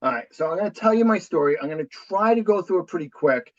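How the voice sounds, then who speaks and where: Here the forties-aged New Hampshire guest, thick Boston accent and all, talks fast in a high, animated voice. The casual podcast interview finds him upbeat, talkative and poking fun at himself while telling his story, with no room sound and dull audio.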